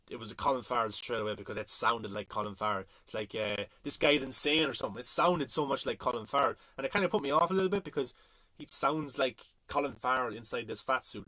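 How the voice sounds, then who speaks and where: A man's voice: medium pitch, bright, forceful tone, no echo. Chatty Irish man on a livestream. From Ireland. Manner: rambling, chatty, jokey. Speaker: livestream host. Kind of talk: casual chat reading viewer comments. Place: home at night. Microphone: phone.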